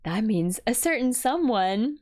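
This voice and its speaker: A woman voicing an earnest young male defense attorney, making slow, dramatic courtroom declarations. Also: on the high side, expressive, a little mellow, a little hiss or hum. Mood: confident.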